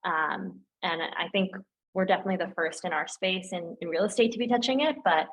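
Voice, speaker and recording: A woman's voice: fairly low pitch, brisk, low-quality recording. Chatty young woman, lots of "like". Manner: animated and chatty, heavy use of "like" and "um". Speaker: guest, operations lead at a tech firm. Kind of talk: casual interview chat.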